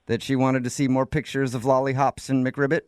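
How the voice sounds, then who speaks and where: A man's voice: medium pitch, flat delivery, fairly quick, darkish tone, smooth, no room sound. A man hosting a morning radio show, joking and laughing often with a caller. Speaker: radio host.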